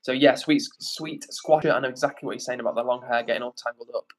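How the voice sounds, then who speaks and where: Speaking fast in a steady, medium-pitched voice, a young livestream host reads out chat comments. He responds in a loose, rambling manner packed with filler words, keeping it casual.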